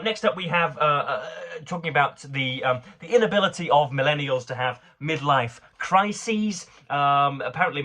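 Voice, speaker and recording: The voice is on the high side, bright and forceful, belonging to a vlogger going through the newspaper. He reads items and adds dry, sardonic asides, though he halts frequently with fillers, restarts and stumbles.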